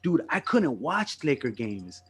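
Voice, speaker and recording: A man's voice: medium pitch, a little slow, breathy edge. A man telling a personal anecdote in casual, profane chat as a podcast host. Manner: excitable, profane anecdote teller.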